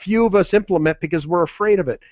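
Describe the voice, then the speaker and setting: A man co-hosting a webinar, delivering a pushy motivational sales pitch full of repeated slogans. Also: fast talker, no echo, highs cut off. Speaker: webinar co-host.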